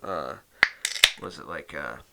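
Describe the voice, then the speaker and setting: A man's voice: a bass voice, slow pace, gravelly, heavy background noise. A man hosting his metal music channel in a rambling casual chat, cursing constantly and full of fillers.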